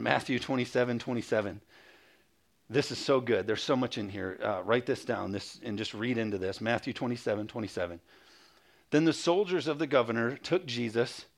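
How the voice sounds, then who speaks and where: A male pastor preaching a sermon, reading scripture aloud and calling for amens, with quick mocking asides. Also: mid-range voice.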